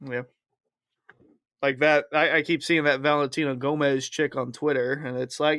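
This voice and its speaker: A man co-hosting a podcast, ranting in halting bursts with restarts. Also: medium pitch, level tone, a bit bright, no echo, studio quality. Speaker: podcast co-host. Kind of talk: casual chat.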